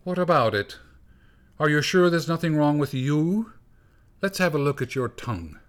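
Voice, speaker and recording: A man's voice: on the high side, sing-song, moderate pace, pitched above the performer's own voice. A man voicing a hot-tempered young male cellist in a storybook reading, with a raised, blustering voice. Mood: mocking. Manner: shouting, blustering.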